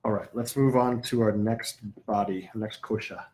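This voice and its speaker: A man with a slightly low voice teaching a live yoga class. He lays out ideas step by step and stops now and then to correct his wording. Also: steady tone, a little mellow. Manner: explanatory, pauses to correct himself.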